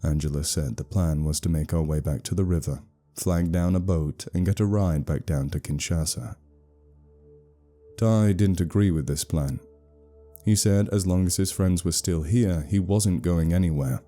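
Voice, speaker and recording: A man telling a first-person horror story in a measured, somber storytelling voice. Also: sits low, mellow. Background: faint music.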